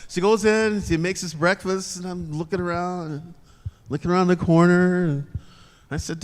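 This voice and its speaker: A man's voice: high-pitched, steady tone, moderate pace. Older man telling a story in a hall. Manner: storytelling, chuckles as he talks. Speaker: guest, former football player. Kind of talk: anecdote told to a live audience. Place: club room at a live show event. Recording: reverberant venue sound.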